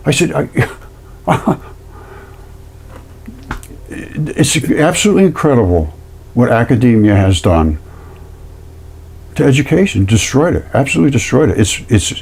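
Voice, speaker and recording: A man's voice: medium pitch, normal speed, vocal fry, long pauses, slightly rough. A man talking indignantly in a casual vlog while showing specimens, repeating himself as he tells the story. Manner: indignant, repetitive, animated storytelling. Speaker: amateur fossil presenter.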